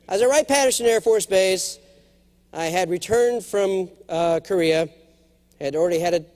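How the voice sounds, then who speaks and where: A man in his forties giving a humorous conference keynote, telling stories and jumping into acted quotes. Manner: animated storyteller, jumps to high acted quotes. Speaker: keynote speaker. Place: large conference hall.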